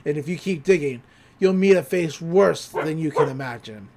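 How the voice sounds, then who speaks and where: A woman's voice: low voice, lively intonation, normal speed, a crowd in the background, voice pushed down. A woman voicing a gloating male shapeshifting monster in a podcast recap, taunting and menacing.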